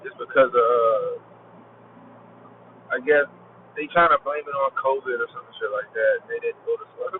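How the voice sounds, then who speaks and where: A man's voice: medium pitch, normal speed, long pauses. A man in his forties hosting a show, telling stories in loose, profane casual chat. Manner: profane, animated storytelling. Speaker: podcast host. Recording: tinny phone-like audio, faint noise.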